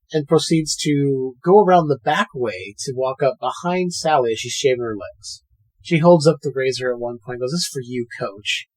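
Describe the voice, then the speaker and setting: Husky-voiced man recapping a film. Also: medium pitch. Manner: animated retelling, acting out characters' lines, swears freely. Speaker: podcast co-host. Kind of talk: casual chat recapping a film.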